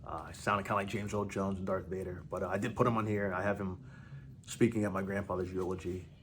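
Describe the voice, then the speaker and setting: A man hosting a podcast, giving a heartfelt spoken tribute in a halting, emotional way with many restarts. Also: low voice, level tone, slight background noise. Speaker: podcast host.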